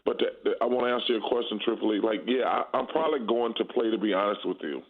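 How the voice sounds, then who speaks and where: A man's voice: on the low side, fast talker. Blunt man in his fifties, phone line. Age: 50s. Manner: blunt, candid, emphatic. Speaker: guest basketball analyst. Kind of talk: casual sports talk. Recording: tinny phone-line audio.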